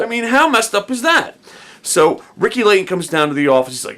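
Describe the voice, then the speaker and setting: Middle-aged man, casual raconteur: lively, bright, slangy. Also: a little high, fairly quick. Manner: animated, slangy, peppered with "dude" and "man". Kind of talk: casual spoken storytelling.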